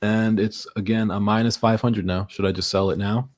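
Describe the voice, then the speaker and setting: A young man with a fairly low voice talks through his trades live, and he keeps muttering and swearing about picking the wrong way. He sounds worn down and exasperated as the losses pile up. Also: fairly even intonation, moderate pace. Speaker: day trader streaming live. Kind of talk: frustrated live commentary.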